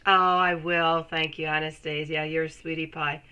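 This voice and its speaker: A woman with a cold and a stuffy, nasal voice, chatting warmly with her viewers while reading tarot on a live stream. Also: low-pitched, level tone, normal speed, clear, resonant tone, poor audio. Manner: chatty, affectionate, laughs often. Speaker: tarot reader.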